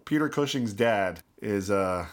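Lowish-voiced man podcast co-host. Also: measured pace. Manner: relaxed, dry humor, fillers like uh. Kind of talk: casual chat about films.

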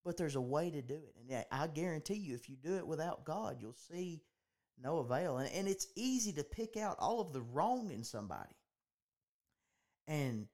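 A man's voice: fairly high pitch, lively intonation, normal speed, darkish tone. A man hosting a podcast, talking in an earnest preaching style, often restarting and repeating his phrases. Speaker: podcast host.

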